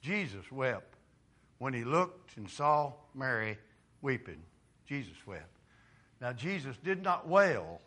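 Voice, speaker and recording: A man preaching a sermon dramatically, dropping quiet and then rising to loud, impassioned cries. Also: mid-range voice, very animated, slow pace, long pauses. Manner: dramatic, swings from quiet to shouting.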